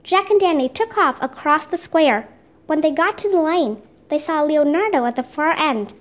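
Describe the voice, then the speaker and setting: Woman reader, children's audiobook, high voice, steady. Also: normal speed.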